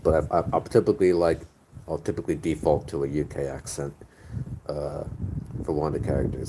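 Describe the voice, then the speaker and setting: A man's voice: rumbling low, little pitch movement, brisk, noisy background. A man in his thirties chatting casually with his audience in a crude, joking, rambling way. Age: 30s. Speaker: streamer reading chat. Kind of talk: casual chat.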